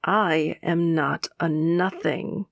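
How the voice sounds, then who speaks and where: A woman's voice: fairly low pitch, moderate pace, dry recording, clean studio sound, lightly acted. Woman as a defiant young warrior woman. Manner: firm, clipped, emphasizing each word. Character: defiant young female warrior, proud and guarded.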